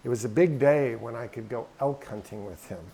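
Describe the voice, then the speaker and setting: A man's voice: medium pitch, fairly quick, vocal fry, mellow. Brief: middle-aged man, folksy drawling storyteller, faint room hum behind. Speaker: guest speaker. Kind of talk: storytelling talk. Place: hangar.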